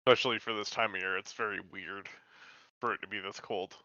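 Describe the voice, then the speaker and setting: Bright, clear-voiced male game master. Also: on the low side, fast talker, no room sound, lo-fi sound. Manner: relaxed, hesitant narration with fillers. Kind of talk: narrating a tabletop game.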